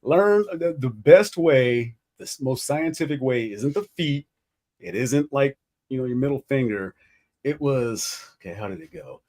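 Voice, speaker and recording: A man's voice: mid-range voice, lively intonation, unhurried, a little mellow. A man in his forties hosting a casual podcast. He talks in a loose, rambling way, swears freely and breaks into laughter often. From United States. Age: 40s. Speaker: podcast host. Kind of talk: casual chat.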